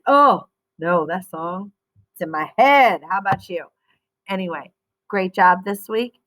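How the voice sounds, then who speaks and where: Patient woman teacher for a phonics read-aloud, slightly low and bright. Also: poor audio. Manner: slow, patient, encouraging teacher talk.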